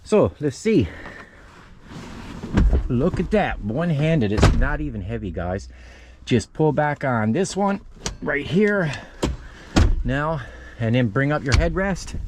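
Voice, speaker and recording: A man speaks slowly with big pitch swings in a medium-pitched voice, pausing often, while background noise carries on. He's hosting a laid-back how-to vlog outside next to a parked van, working one-handed with the handheld camera and a little breathless, chatting and addressing everyone as "guys."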